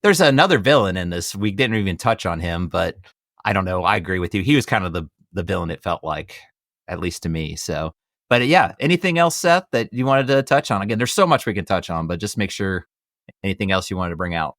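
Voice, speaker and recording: A man's voice: deep voice, lively intonation, brisk, fairly bright tone, no room sound, studio quality. A man hosting a casual podcast discussion, rambling a bit and repeating himself as he passes questions to his guests. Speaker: podcast host. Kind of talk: casual chat.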